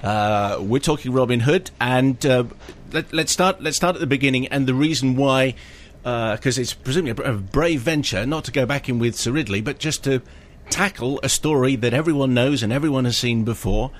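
A man's voice: medium pitch, normal speed, few pauses. A man co-hosting a radio film show, reading listener messages with dry, wry jokes.

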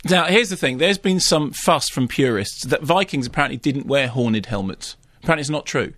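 Man, radio film critic, fast ranting review, dry close studio sound. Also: medium pitch, dry recording. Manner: animated, ranting, mock impressions.

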